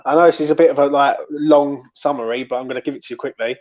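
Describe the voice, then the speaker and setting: A man's voice: mid-range voice, fairly even intonation, fast, darkish tone, highs cut off. A man speaking as a guest on a casual live fan preview, earnest and rambling, often repeating words as he goes.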